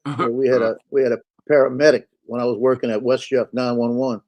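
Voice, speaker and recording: A man's voice: mid-range voice, little pitch movement, fast talker, darkish tone. A man telling stories in a casual chat, acting out the voices of the people he quotes. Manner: folksy storyteller, acts out quoted voices. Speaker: co-host on a live stream.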